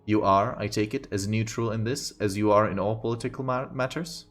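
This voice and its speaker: A man voicing a scheming queen mother who speaks with haughty, mock-polite courtesy, in a low voice raised for the part. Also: fairly even intonation, a little fast, soft background music, close to an everyday voice. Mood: silky scheming.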